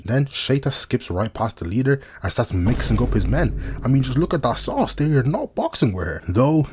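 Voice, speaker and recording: A man's voice: on the low side, darkish tone, husky. A young man giving casual, slangy recap commentary over anime footage, with joking asides.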